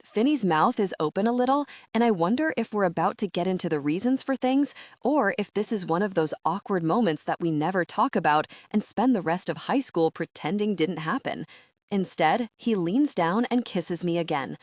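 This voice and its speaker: A woman reading a first-person audiobook in a soft, measured, intimate manner, recorded close on a studio mic. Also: medium pitch, lively intonation, no room sound. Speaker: audiobook narrator.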